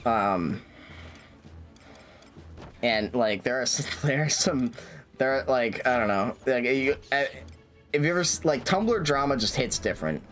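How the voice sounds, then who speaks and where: A man's voice: mid-range voice, animated, unhurried, pauses often, fairly bright tone, soft background music. A man streaming a game, chatting casually and rambling with lots of fillers, restarts and swearing.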